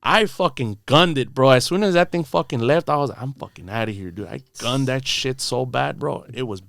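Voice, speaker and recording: Profane storytelling man, smooth voice. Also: medium pitch, normal speed, fairly bright tone. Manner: rambling, profane, says bro and dude a lot. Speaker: podcast guest. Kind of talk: casual storytelling. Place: podcast studio.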